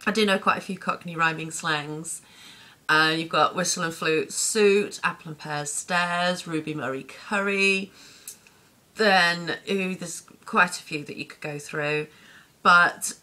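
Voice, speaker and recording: A woman's voice: on the low side, steady tone, measured pace, sharp tone. A woman chatting upbeat to camera, answering tag questions and laughing easily. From Lincolnshire, England. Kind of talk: casual chat to camera.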